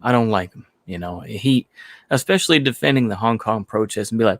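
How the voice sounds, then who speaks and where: A man's voice: fairly low pitch, brisk, dry recording. Rambling American man on a livestream. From United States. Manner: rambling, repeats himself, trails off into fillers. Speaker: livestream host. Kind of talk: casual livestream chat.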